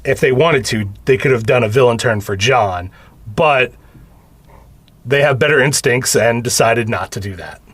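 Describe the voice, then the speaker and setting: A man's voice: medium pitch, normal speed, a bit bright, husky, dry recording. A man co-hosting a podcast in a casual film discussion, adding dry quips and short agreeing remarks. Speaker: podcast co-host.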